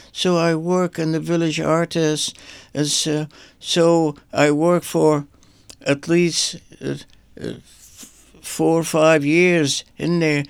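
Older man with a gravelly, flat voice. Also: on the high side, no echo. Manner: halting, repeats words while searching for them. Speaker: artist guest. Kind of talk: rambling personal reminiscence.

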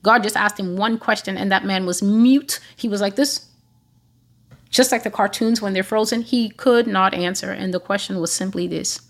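A woman's voice: medium pitch, normal speed. A woman giving a prophetic teaching monologue, emphatic and repeating phrases for stress.

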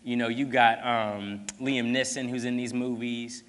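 A man preaching a sermon, telling a story in a casual, animated way full of fillers. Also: medium pitch, unhurried, clean tone, in a large hall.

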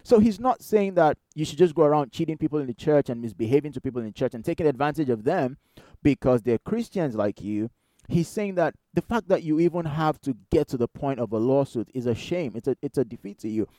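A man preaching a sermon in a conversational, animated way, firing rhetorical questions at the congregation. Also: fairly high pitch, brisk, no room sound. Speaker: pastor.

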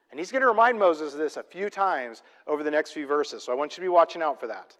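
A man preaching a sermon, emphatic and full of rhetorical questions, swinging between loud and soft. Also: a little high, animated, fast talker, hardly any pauses, in a large hall, dull audio. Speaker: pastor.

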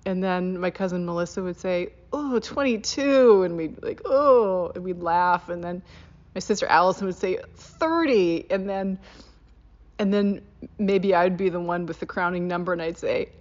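A middle-aged woman, telling a holiday story in a casual, animated way. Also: normal speed. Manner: animated, laughing, rising in pitch on quoted lines. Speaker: guest sharing a holiday memory. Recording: dull lo-fi sound.

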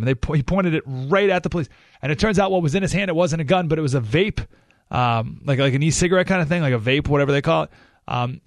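A male talk radio host speaking at a fairly high pitch into a studio mic, with a dry, close sound. He talks casually, slows almost to a crawl to hammer home a point, then jumps up in pitch with animated exclamations. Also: dry recording. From San Diego area. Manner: emphatic, slows right down to stress points, animated outbursts. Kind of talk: conversational talk radio monologue. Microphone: studio microphone.

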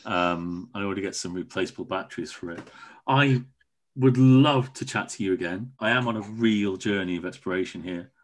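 A man's voice: deep voice, normal speed. Enthusiastic man repeating himself. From Cornwall, England. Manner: enthusiastic, repeats words often. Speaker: podcast guest. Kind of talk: casual conversation. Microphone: video call.

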